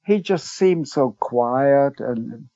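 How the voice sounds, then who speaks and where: A man's voice: mid-range voice, animated, extremely slow, dark tone, dry recording. An older man, a theater writer, chatting in an interview and telling anecdotes, chuckling as he goes. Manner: chatty storyteller, chuckles while telling, acts out quoted voices. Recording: dry, dull lo-fi sound.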